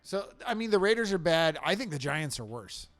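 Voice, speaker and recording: A podcast co-host chats casually and confidently about football picks and trades, offering opinionated predictions. His voice is a little high and fairly bright with big pitch swings and a fairly quick pace, recorded with no room sound and faint background music.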